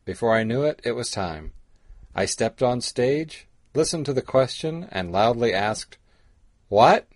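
A man reading a first-person short story in a measured way. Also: mid-range voice, expressive, dry recording. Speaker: story reader.

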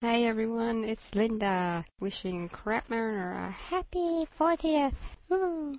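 A woman sends a chatty, cheerful greeting message to a podcast. Her voice sits a little high. The recording is dull and lo-fi. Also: lively intonation, measured pace, a little mellow. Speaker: guest contributor.

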